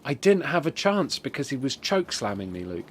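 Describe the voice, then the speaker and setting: A man streaming with friends, telling a silly story in a deadpan, rambling way, with plenty of swearing. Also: medium pitch, moderate pace, a loud crowd. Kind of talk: casual stream banter.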